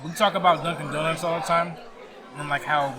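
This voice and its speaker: A man's voice: a little high, steady tone, fairly quick. A man chatting casually on a food vlog, giving blunt, dry comments on snacks. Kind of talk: casual food review chat. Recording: loud crowd at theme park.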